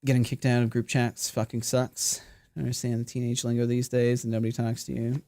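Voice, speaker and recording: A man's voice: mid-range voice, monotone, a little fast, warm tone, no echo. A man streaming a game, reading its text aloud and chatting casually with viewers.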